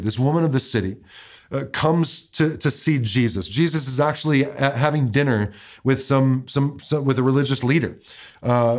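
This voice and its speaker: A man preaching a conversational sermon as pastor, with a casual way of talking that often repeats words and restarts, slowing down to stress the verses he quotes. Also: mid-range voice.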